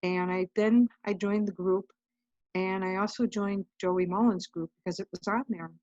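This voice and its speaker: A woman's voice: medium pitch, fairly even intonation, moderate pace, darkish tone, dry recording, muffled recording. A woman guest telling a personal story in a casual, chatty way, often saying "I'm like". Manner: chatty, recounts events with lots of "I'm like". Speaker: podcast guest.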